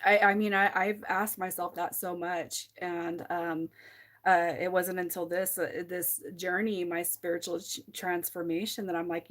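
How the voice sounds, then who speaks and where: A woman's voice: fairly low pitch, flat delivery, a little slow, a bit bright. A woman giving a live tarot reading to viewers, candid and emotional, swearing freely and restarting her sentences, close to tears. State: teary, close to crying. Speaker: tarot reader on a livestream.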